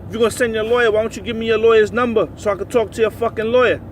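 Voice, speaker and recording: Outdoors by a truck at a loading yard, an agitated male truck driver rants angrily into a vlog, profane and rising to shouts. His voice is high, flat in delivery, and racing. Faint vehicle and outdoor noise sits in the background.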